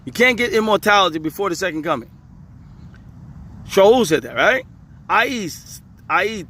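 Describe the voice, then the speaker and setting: A man's voice: high voice, pushed and bright, a little hiss or hum. A man teaching scripture in a casual video, repeating his points with emphasis and chuckling often. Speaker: religious teacher.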